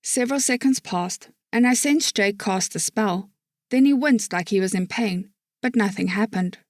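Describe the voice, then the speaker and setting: A woman narrating an audiobook chapter in a steady storytelling manner. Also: mid-range voice, normal speed, no echo, studio quality. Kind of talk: scripted narration.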